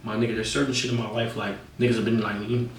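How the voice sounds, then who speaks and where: A young man from the United States telling a personal storytime in a fast, slangy way, swinging between laughing and hushed. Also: on the low side, level tone, far from the mic. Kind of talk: casual storytime monologue. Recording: roomy echo, off-mic.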